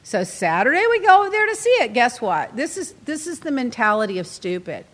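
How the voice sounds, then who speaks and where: Woman, middle-aged, host, high voice, long reverberant room, dramatic casual storytelling. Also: brisk. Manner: animated, dramatic, exclaiming.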